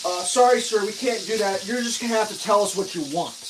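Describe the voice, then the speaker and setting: A man putting on a customer service lady, pitched up high and dripping with sugary, scripted apologies. She sounds polite and practiced, with faint kitchen noise in the background. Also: fast, natural voice. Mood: mock-apologetic. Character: overly apologetic woman customer service rep.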